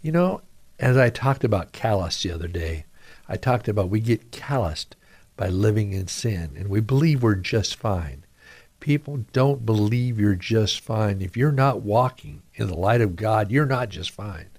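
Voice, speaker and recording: A man's voice: on the low side, lively intonation, a little slow, darkish tone, no echo. A middle-aged man hosting a radio devotional, speaking earnestly, praying and reading scripture with rising emphasis. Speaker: radio pastor and host.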